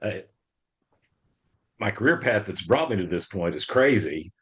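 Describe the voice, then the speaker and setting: A man's voice: on the low side, expressive, measured pace, breathy edge. An older man from Texas doing a dry, easygoing stand-up set with hesitant fillers. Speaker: stand-up comedian.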